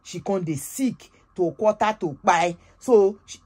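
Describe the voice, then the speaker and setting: A woman with a Nigerian Pidgin English accent telling gossip in an animated, emphatic way, often tagging her sentences with "oh". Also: medium pitch, a little slow, slightly rough. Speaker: gossip vlogger. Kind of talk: casual gossip storytelling.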